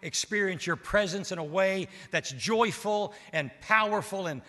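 A man's voice: high-pitched, unhurried, sharp tone, in a large hall, pitched above the performer's own voice. A man voicing a bitter, despairing male prophet who begs to die, speaking in a pleading way with heavy emphasis.

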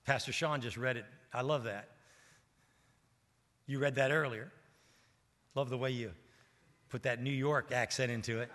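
Male pastor, sermon, emphatic, loud to hushed, bright voice, long church reverb. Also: medium pitch, unhurried, long pauses.

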